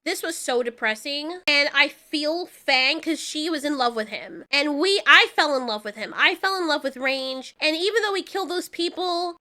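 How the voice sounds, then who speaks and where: Woman ranting about a show, high bright voice, acts out every line, cusses a lot. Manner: animated, acts out characters' lines, swears freely. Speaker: reviewer. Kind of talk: casual show review.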